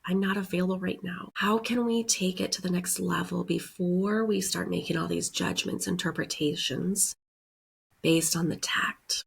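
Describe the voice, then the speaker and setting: Congested, husky woman podcast host. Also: lowish voice, steady tone, a little slow. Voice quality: breathes audibly with heavy sighs. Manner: earnest, encouraging, often adds "right?" and "like". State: congested from a head cold. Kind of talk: reflective self-help monologue.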